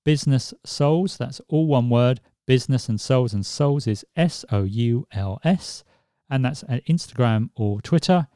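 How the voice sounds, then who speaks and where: A man hosts a podcast on public speaking. His voice is mellow and warm, and he talks in a chatty way, acting out little examples. The recording is dry and close. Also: medium pitch, a little slow, dry recording. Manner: chatty, demonstrates examples, many "sort of" fillers. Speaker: podcast host.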